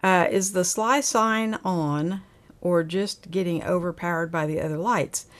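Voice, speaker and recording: A woman's voice: lowish voice, a little slow. Chatty woman hosting a live stream. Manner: chatty, laughs often, reads viewer comments aloud. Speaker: livestream host reading chat. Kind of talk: casual live chat.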